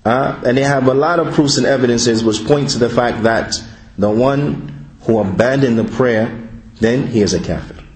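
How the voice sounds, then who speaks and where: A man interpreting a religious lecture, speaking deliberately and repeating each point. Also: medium pitch, darkish tone, roomy sound, low-quality recording.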